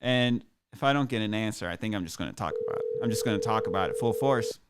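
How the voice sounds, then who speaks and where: A man's voice: on the low side, fast, slight background noise. A man hosting a comedic podcast solo, rambling in a boastful, sarcastic, mock-grandiose way. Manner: self-aggrandizing, sarcastic, rambling. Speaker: podcast host.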